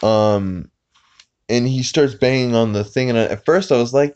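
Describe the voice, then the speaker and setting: A man's voice: mid-range voice, lively intonation, a little mellow, muffled recording. A man hosting a podcast, casually recapping a cartoon episode with lots of fillers and restarts. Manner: rambling, many fillers, quick bursts of cartoon voices when quoting. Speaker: podcast host.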